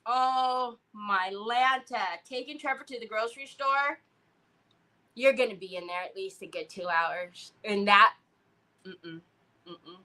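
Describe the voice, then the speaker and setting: A woman's voice: mid-range voice, a little slow, bright, forceful tone. A middle-aged woman hosting a crafting livestream, chatting in a rambling, storytelling way as she works. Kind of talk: casual chat while crafting.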